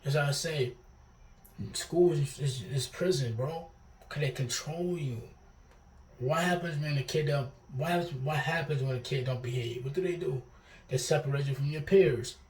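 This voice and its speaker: A man's voice: a little high, moderate pace, a little mellow. A young man talking casually to camera, rambling and repeating himself, with slangy asides. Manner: rambling, repeats words, slangy with frequent "bro". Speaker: vlogger. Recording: echoey room, distant mic.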